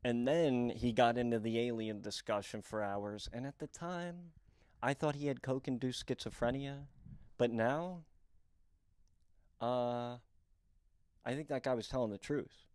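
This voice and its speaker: Speaking a little slowly with long pauses, this young northeastern American comedian has a medium-pitched, darkish voice that sounds clear and resonant. He rambles through frank, self-mocking personal stories packed with fillers, recorded dry.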